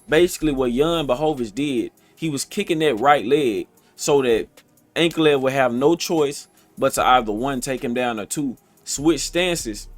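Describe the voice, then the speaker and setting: Emphatic man talking straight to viewers. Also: mid-range voice. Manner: emphatic, repetitive, addresses viewers as guys and man; colloquial, streetwise phrasing. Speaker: motivational vlogger. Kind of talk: casual direct-to-camera talk. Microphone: streaming setup, computer recording.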